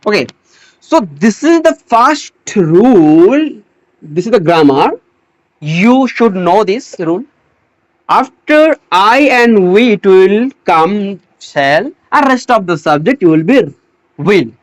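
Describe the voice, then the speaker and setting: A teacher giving a slow English grammar lesson, pausing, repeating words and restarting phrases as they explain. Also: mid-range voice, sing-song, no echo. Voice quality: non-native English phrasing.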